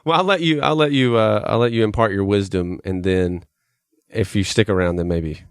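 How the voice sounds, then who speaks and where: A man's voice: fairly low pitch, moderate pace, smooth, no room sound, studio quality. A man with an American accent hosting a podcast interview, chatty and self-deprecating, with many fillers and restarts. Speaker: podcast host, youth pastor.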